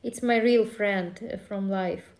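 Slow-talking woman streamer chatting casually. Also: medium pitch, fairly even intonation, darkish tone. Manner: rambling, laughing, with acted outbursts. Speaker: live streamer. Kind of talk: casual chat with viewers.

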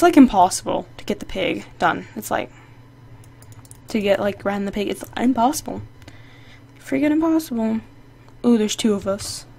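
A woman hosting her own gaming channel, giving casual, excitable, playfully sassy commentary while she plays. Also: a little high, creaky. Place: indoor home setup. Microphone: desk microphone.

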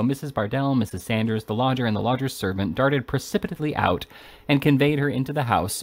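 A man reading a classic novel aloud in a steady voice, with occasional slips and restarts. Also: mid-range voice. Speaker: amateur audiobook reader.

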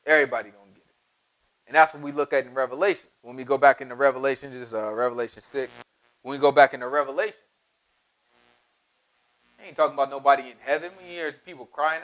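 A man with a high-pitched voice teaching scripture with fire. He talks in loose slang, driving his points home by repeating them again and again. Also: fairly bright tone. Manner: preachy, repetitive, street-casual slang. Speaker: Bible teacher. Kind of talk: fiery sermon.

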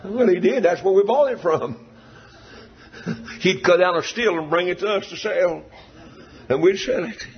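A man preaching an old-time revival sermon with a high, ringing voice that keeps climbing into fervent shouts and sung phrases. The recording sounds dull and lo-fi, as if taped on modest gear. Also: moderate pace, long pauses. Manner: fervent, shouting and half-singing in surges.

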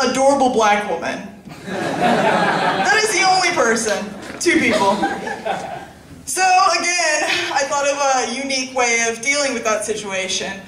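Performing stand-up in a small club, this young comic keeps things casual and profane, laughing through her asides. She sounds high-pitched, pushed and bright, distant from the mic, with slight background noise, echoey room sound and faint ambience.

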